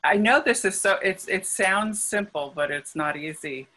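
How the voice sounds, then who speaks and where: A woman guest, a spiritual healer, explaining ideas earnestly and gently in an interview. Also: medium pitch, moderate pace, low-quality recording. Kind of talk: conversational interview.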